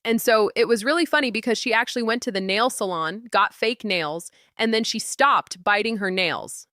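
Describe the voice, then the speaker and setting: A woman giving a motivational talk on confident communication, lively and acting out the quotes in her stories. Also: fairly high pitch, normal speed, no echo, clean studio sound. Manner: animated, acts out quotes and stories.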